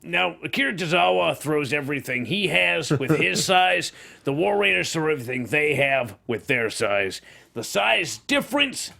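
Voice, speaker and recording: A man's voice: fairly high pitch, moderate pace, vocal fry. A man co-hosting a wrestling recap show who also wrestles, explaining and joking in casual chat. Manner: animated, explanatory, jokey. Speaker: co-host and wrestler.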